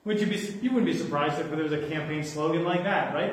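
A man preaching a sermon in an animated, conversational way, joking with his congregation. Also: sits high, a little fast. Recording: echoey hall, mic from far off.

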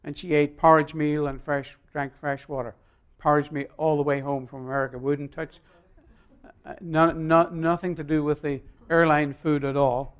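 Man, pastor, sermon, fairly high pitch, emphatic, loud-to-soft delivery. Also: level tone, moderate pace, clean tone, dull audio. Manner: emphatic preaching, swinging between loud and quiet.

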